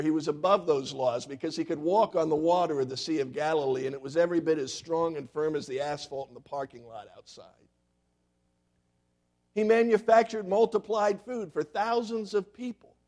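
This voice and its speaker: This male pastor, delivering a sermon inside a church sanctuary, directs questions at the congregation while shifting between booming and quiet moments. He has a fairly high voice.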